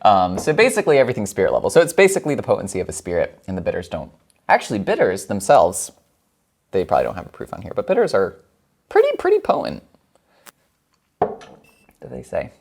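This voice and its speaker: A man hosts a casual cocktail show, talking through each step with a playful, chatty manner. His voice leaps around in pitch, and he laughs easily. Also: wildly swooping pitch, brisk, gravelly, long pauses, a little mellow.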